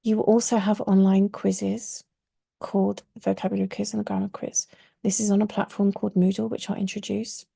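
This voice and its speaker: A woman's voice: mid-range voice, level tone, a little fast, creaky, warm tone, breathy edge, no room sound, studio quality. A woman teaching an online Arabic course, explaining earnestly and stressing key words, with religious phrases woven into her teaching.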